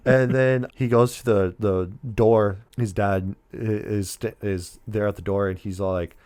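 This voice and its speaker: A man's voice: fairly low pitch, fairly even intonation, unhurried, a little mellow, clear, resonant tone, no room sound, clean studio sound. A man co-hosting a casual movie review podcast, retelling scenes with quoted voices and laughing often. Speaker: podcast co-host.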